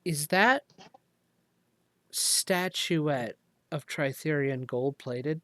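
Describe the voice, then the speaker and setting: A game master narrating a tabletop game, describing scenes in a halting way with many fillers. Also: mid-range voice, a bit bright, dry recording.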